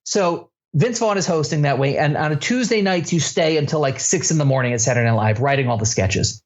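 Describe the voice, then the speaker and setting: A middle-aged man hosting a podcast, telling an anecdote with animated energy and laughing as he tells it. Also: on the high side, fairly quick, highs cut off. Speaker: podcast co-host. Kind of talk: casual storytelling chat.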